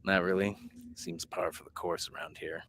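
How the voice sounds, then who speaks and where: A man voicing a stern, brooding vigilante in a fan audio drama, with a deep, raspy voice and curt, dry lines. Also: level tone, normal speed, fairly bright tone, slight background noise. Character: brooding stern male vigilante, gruff and commanding.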